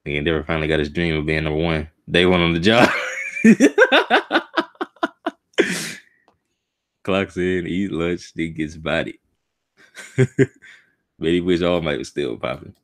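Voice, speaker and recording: A man with an extremely deep, low voice gives an emotional, slang-heavy live reaction as he reads through a comic chapter. He mutters his thoughts to himself in a loose, casual way. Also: steady tone, fairly quick. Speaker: streamer reacting to a manga chapter.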